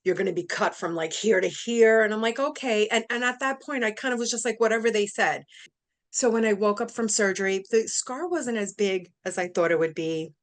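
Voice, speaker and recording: A woman's voice: fairly high pitch, brisk. Middle-aged woman, interview guest, emotional first-person storytelling, performs quoted voices.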